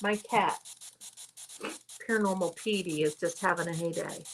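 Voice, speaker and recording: A woman's voice: on the low side, normal speed, a little hiss or hum, rough recording. A woman psychic hosting a live stream, chatting casually and rambling through stories. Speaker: psychic host.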